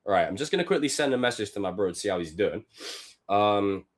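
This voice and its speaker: Lively, swearing young male streamer. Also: lowish voice, fast. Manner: animated, profane, loud outbursts. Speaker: streamer reacting to film clips. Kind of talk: live-stream commentary.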